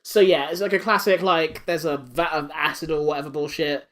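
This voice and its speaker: A podcast co-host chatting casually, recapping cartoon scenes with loose, rambling energy. The voice sits at a middle pitch, acting out characters' lines as the recap goes on. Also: steady tone, a little fast, a bit bright. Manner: rambling recaps with acted-out quotes, swearing. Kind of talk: casual chat.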